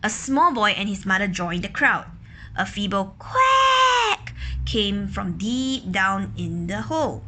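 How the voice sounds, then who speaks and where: A woman reading a children's picture book aloud, pausing to ask questions, explain words and imitate quacking ducks. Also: medium pitch, wildly swooping pitch, bright, forceful tone, slight background noise. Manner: imitates quacking and gasps for effect. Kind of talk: children's story read-aloud.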